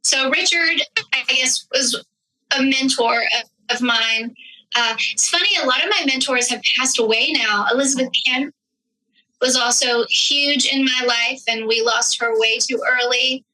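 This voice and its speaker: Woman guest on a studio podcast, high, very bright tone, reflective storyteller. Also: unhurried, poor audio. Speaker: actress, writer and director guest. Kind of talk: podcast interview.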